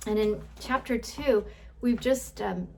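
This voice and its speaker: A woman teaches scripture in a relaxed, conversational way. She thinks aloud, often restarts and repeats words, and keeps putting questions to her listeners. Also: fairly high pitch, slow pace, vocal fry, slight background noise. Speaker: Bible teacher. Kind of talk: casual Bible teaching.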